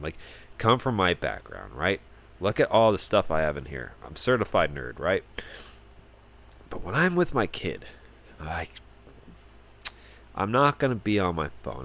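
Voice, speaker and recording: Deep-voiced man with a lively, bouncing delivery. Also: slight background noise. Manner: rambling, repeats words when starting sentences. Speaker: podcast host. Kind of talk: casual solo podcast monologue.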